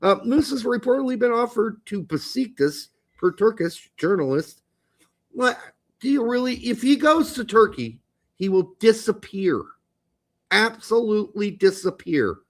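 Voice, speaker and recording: A man with a notably high voice co-hosts a soccer podcast. He talks bluntly and casually, tossing in swearing and jokey asides. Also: big pitch swings, unhurried. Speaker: podcast co-host.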